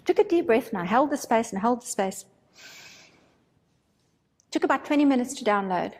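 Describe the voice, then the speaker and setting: A woman with a slightly high, breathy voice tells a story from her spiritual teaching in a casual, animated way. She acts out her own thoughts as she goes. Her voice carries a long hall reverb. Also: moderate pace.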